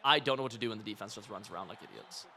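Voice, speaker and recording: A young man streaming a football video game, chatting and reacting in casual gameplay commentary, swinging from muttering to yelling. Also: fairly low pitch, rapid-fire, a little hiss or hum. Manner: excitable, talks to himself and the opponent, jumps from mutters to yells.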